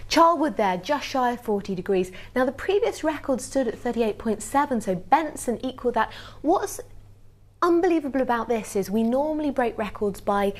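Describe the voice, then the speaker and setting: A woman with a British accent presenting a television weather forecast in an animated, emphatic way, from a studio. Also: on the high side, moderate pace. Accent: British English.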